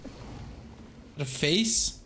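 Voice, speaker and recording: A man's voice: takes it slowly, sharp tone, faint music behind. Joking, swearing male game streamer. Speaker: streamer, sound designer. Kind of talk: casual gameplay commentary.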